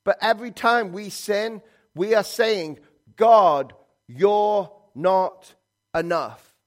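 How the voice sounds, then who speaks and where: A man preaching a sermon in an earnest, halting way, reading scripture and hymn lines aloud. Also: high-pitched. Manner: earnest, halting, with restarts and quoted prayers.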